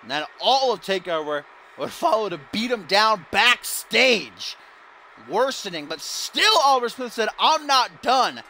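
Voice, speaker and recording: Guy doing profane joking wrestling play-by-play, bright voice, swings up and down a lot. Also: sits high, very animated, a little slow, a little hiss or hum. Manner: profane, joking, sportscaster-style. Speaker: wrestling game commentator. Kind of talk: casual play-by-play commentary.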